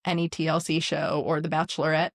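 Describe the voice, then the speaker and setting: A young woman co-hosting a casual podcast, a mother of two small children, who chats warmly, laughs often and voices quotes in a bright tone. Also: sits low, completely flat delivery, fast, no room sound, studio quality. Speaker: podcast co-host. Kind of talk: casual chat.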